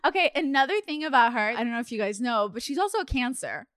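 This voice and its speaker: Young woman host, chatty and supportive, higher bright voice, dry close recording. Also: lively intonation, fast, no echo. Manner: chatty and affirming. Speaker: podcast host. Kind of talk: casual chat.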